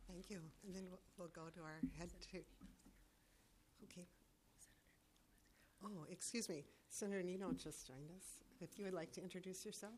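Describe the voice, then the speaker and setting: A woman chairs a legislative committee hearing. Her voice sits fairly low, and she talks in a measured way, full of fillers and restarts. Faint room ambience hangs behind her. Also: fairly even intonation, darkish tone, a little hiss or hum.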